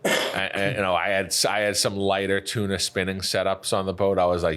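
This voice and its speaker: A man with a Northeastern US accent, a fishing captain, recounting trips in a relaxed, halting way on a podcast. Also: sits low, clear, resonant tone. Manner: relaxed, halting retelling with restarts. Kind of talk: casual podcast chat.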